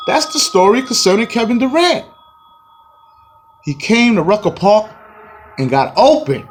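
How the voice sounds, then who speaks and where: A man giving a profane, taunting basketball rant as a vlog host, with a husky voice. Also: sing-song, normal speed. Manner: profane, boastful, taunting, swings loud and high. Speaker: sports vlogger.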